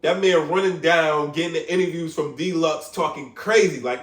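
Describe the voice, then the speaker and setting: A young man with a New York accent, a barber vlogging an animated, profane rant into his phone, repeating "you get what I'm saying". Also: fairly high pitch, moderate pace, few pauses, roomy sound, distant mic. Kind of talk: casual vlog rant. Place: his room at home.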